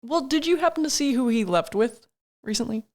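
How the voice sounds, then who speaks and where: A woman's voice: a little high, lively intonation, brisk. A woman playing a tabletop game, hesitant and laughing often. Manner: giggly, hesitant. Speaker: player.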